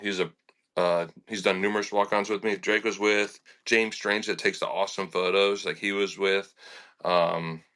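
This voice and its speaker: A young adult man, a fishing charter captain telling animated stories in a casual podcast interview, laughing and acting out quotes. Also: fairly low pitch, moderate pace. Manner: animated and laughing, with lots of fillers and acted-out quotes.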